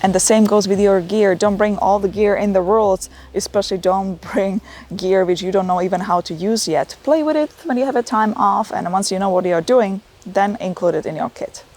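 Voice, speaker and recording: A woman's voice: mid-range voice, normal speed, darkish tone. A middle-aged woman, not a native English speaker, talks straight to the camera in an earnest, encouraging vlog tutorial. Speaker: YouTuber giving tips.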